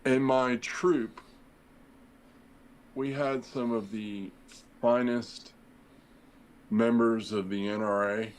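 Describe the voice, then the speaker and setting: On a rough recording, a middle-aged ex-firefighter guesting on a podcast takes his time, pausing often, in a medium-pitched voice with fairly even intonation. His long, casual story wanders, with dialogue acted out and many fillers.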